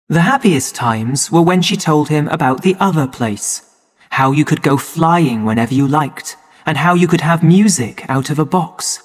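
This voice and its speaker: A man narrating a story for English learners in a slow, clear and measured way. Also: fairly high pitch. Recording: long hall reverb.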